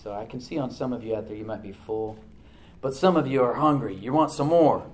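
A male pastor preaching a sermon, swinging from loud emphatic lines to hushed near-whispers. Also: mid-range voice, brisk, reverberant, slight background noise, low-quality recording. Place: church sanctuary.

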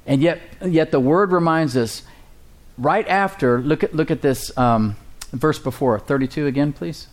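A man's voice: fairly high pitch, a little slow. A man preaching a sermon as pastor, emphatic and full of rhetorical questions to the congregation. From United States.

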